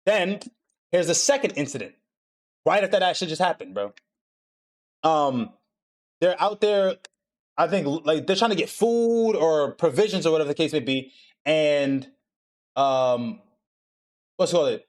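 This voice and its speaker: A young man retells an anime episode for his stream, swearing freely and acting out each character's lines. His voice sits a little high for a man. He talks in a loose, excitable run. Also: a little slow, long pauses. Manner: animated, profane storytelling with acted-out quotes. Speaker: podcast host recapping an anime. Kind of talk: casual chat.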